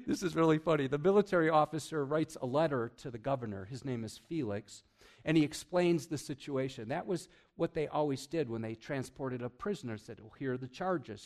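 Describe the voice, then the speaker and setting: Animated preaching man with a lightly raised pitch. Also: normal speed. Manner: animated, swings between loud emphasis and hushed asides; asks the congregation questions, chuckles often. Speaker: pastor. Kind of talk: sermon.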